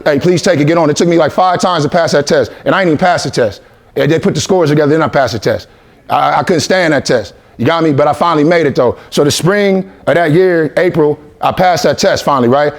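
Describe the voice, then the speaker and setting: Speaking quickly in a fairly high voice, this Columbus, Ohio man in his forties gives young athletes a motivational talk. He coaxes and repeats himself, leaning on call-and-response exchanges.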